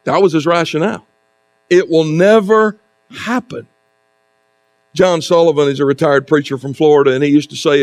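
A man with a noticeably high-pitched voice preaches a sermon as the congregation's pastor. He talks to the room conversationally, with rhetorical asides and dramatic pauses. A faint mains hum sits under the recording. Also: steady tone.

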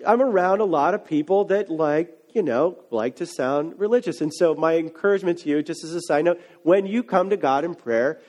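A man with a notably high voice gives a relaxed, conversational sermon as a pastor. He talks like he's chatting with friends, then leans into short, emphatic questions and answers. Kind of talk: casual sermon.

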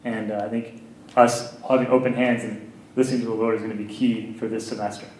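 A man casually introducing a speaker to a group, relaxed, full of fillers, and joking. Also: lowish voice, quick pace, recorded from a distance, slight background noise. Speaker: community leader introducing the speaker. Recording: echoey room, voice off-mic.

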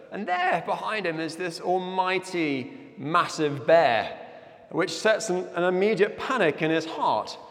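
Chatty pastor in an echoing hall. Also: male voice, fairly high pitch, a bit bright. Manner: casual, chatty, self-deprecating. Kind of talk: sermon with prayer and a joke. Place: church hall.

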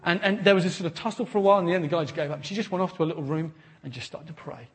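A man preaching a sermon, earnest and animated, often repeating words as he builds to a point. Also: on the high side, racing. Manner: animated storytelling with acted quotes. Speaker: pastor.

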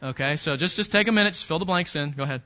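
A man with a fairly high, sharp-toned voice preaches a sermon at rapid-fire speed, addressing the congregation directly and emphatically. His teaching is full of repeated words and restarts, and the sound is lo-fi.

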